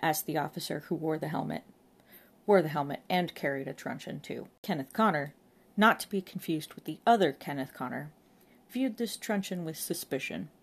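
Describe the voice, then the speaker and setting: A woman with a low voice reads a comic novel aloud as an audiobook. Her delivery is dry and wry. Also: moderate pace, creaky, slightly rough. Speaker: narrator.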